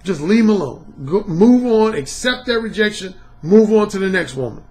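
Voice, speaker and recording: A man's voice: high voice, expressive, normal speed, a little mellow. A middle-aged man hosting his own podcast, talking in a blunt, emphatic, profane monologue. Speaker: podcast host and dating coach. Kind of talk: casual monologue.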